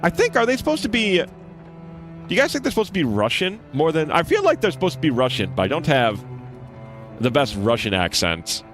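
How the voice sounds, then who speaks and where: A man giving casual, playful commentary while streaming a game, excitable and swearing casually. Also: on the high side, brisk, faint music behind.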